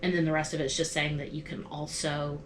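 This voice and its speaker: A woman at a tabletop game, reading rules aloud and asking careful questions. Her voice sits somewhat low for a woman. A faint hiss runs beneath her. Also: flat delivery, brisk. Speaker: player.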